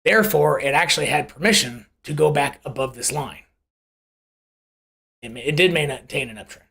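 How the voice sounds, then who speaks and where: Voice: mid-range voice, moderate pace, vocal fry, fairly bright tone. A live show host giving casual, rambling commentary on price charts, often correcting themselves mid-sentence and asking rhetorical questions. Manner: conversational and rambling, with self-corrections; uses homely analogies and rhetorical questions.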